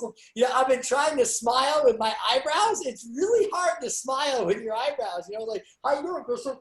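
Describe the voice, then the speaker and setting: A man's voice: sits high, reverberant. A man hosting a sales training session, talking in a chatty, upbeat, rambling way with lots of fillers. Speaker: sales manager and training host. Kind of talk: casual motivational talk on a video call.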